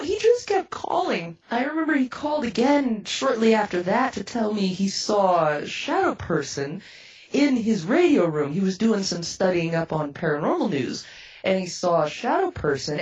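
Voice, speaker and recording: A woman, a radio producer, telling a personal story in a lively way and acting out both sides of the conversations she recounts. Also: mid-range voice, recorded from a distance, muffled recording.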